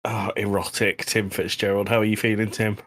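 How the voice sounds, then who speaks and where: A man's voice: on the low side, level tone, fairly quick, fairly bright tone. A British man co-hosting a comedy podcast, chatting casually and rambling through jokes. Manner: joking, rambling. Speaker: podcast co-host.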